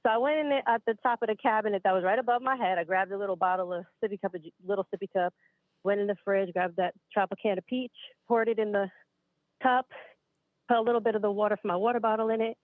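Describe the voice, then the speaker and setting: A woman from upstate New York in her late 20s calls with a spooky story, her mid-range voice steady in tone and quick in pace. She's chatty and a little breathless, uses "you guys" for her listeners, and the recording is a dry, tinny phone line.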